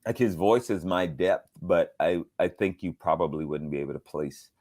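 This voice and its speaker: A middle-aged man from the American South, a voice actor telling animated stories in a casual interview. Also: moderate pace. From Southern United States, Georgia. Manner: animated storyteller, leaps up high when quoting people. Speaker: voice actor guest.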